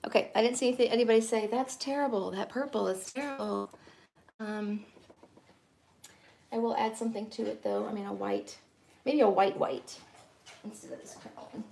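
A woman's voice: mid-range voice, brisk, gravelly, pauses often, mellow, a little hiss or hum. A middle-aged woman, chatting casually and rambling to live-stream viewers while teaching painting.

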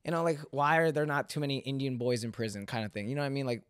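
A man's voice: mid-range voice, rapid-fire, clear, resonant tone, dry recording, studio quality. A young man hosting a casual podcast chat, loose and laughing, swearing freely. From United States. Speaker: podcast host.

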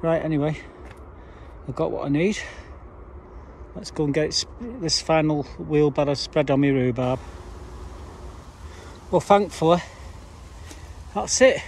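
A fairly high-voiced man rambles through his gardening chores in a relaxed, chatty way, with the odd dry grumble thrown in. He is recorded outdoors at an allotment, and a faint hiss of outdoor ambience sits behind his voice. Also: unhurried, pauses often. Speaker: allotment vlogger. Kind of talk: casual chat to camera. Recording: faint background noise outdoors.

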